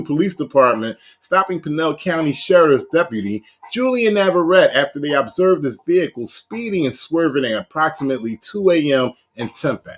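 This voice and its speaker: A man's voice: on the high side, slightly rough. A man hosting a live review of police videos, reading a news story aloud and adding blunt, profane jokes. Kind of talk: casual live video commentary.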